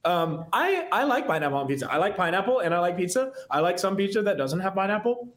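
A man's voice: sits high, sing-song, fast. A young man, a guest musician, chatting casually on a podcast in a rambling, self-reflective way and laughing easily. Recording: echoey room.

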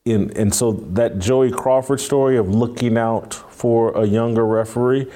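A man's voice: mid-range voice, steady tone, a little slow, dark tone. A man hosting an interview, asking long, rambling setup questions in a casual way. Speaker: podcast host.

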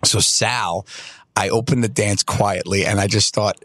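A man with a fairly low, husky voice guests on a casual podcast in an apartment. He tells a story and keeps breaking into laughter, acting out what people said. The recording is dry and close to the mic. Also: fairly even intonation, a little slow, fairly bright tone, no room sound. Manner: laughs through a story, acts out quotes.

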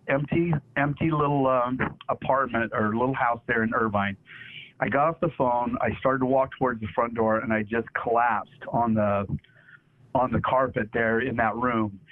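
A middle-aged man giving an earnest personal testimony as an interview guest, halting and often repeating his words. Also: medium pitch. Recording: tinny phone-like radio sound.

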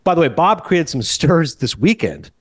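A middle-aged man from Canada hosting a casual film podcast, telling animated stories and acting out other people's lines. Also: fairly high pitch, moderate pace, slightly rough, no room sound. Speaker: podcast host.

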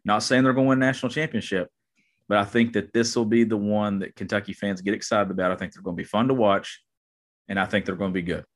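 Male podcast co-host, low voice, chatty and upbeat in casual sports talk. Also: steady tone, quick pace. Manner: enthusiastic, chatty. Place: remote, on vacation.

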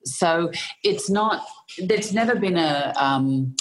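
A woman's voice: on the low side, lively intonation, slow pace. A middle-aged Australian woman, an actress in an interview, telling anecdotes with frequent laughter and fillers. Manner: laughs often while telling stories, hesitant fillers.

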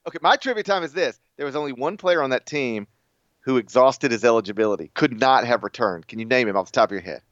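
A man's voice: medium pitch, expressive, fast, fairly bright tone, no room sound, dull audio. An American man co-hosting a casual sports podcast, bantering with laughs and a self-deprecating manner. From United States. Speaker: podcast co-host.

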